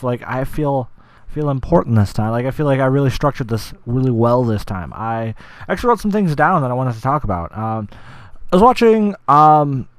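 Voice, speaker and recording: A man's voice: medium pitch, no echo. A young man hosting a podcast, rambling enthusiastically in casual chat, with lots of fillers and swearing. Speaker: podcast host.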